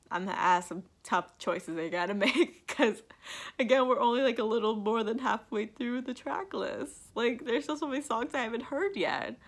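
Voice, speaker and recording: Gushing young woman, teary and giggly. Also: mid-range voice. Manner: gushing, filler-heavy, emotional, breaks into laughs. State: teary, on the edge of crying. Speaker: vlogger reacting to an album. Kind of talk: casual live reaction.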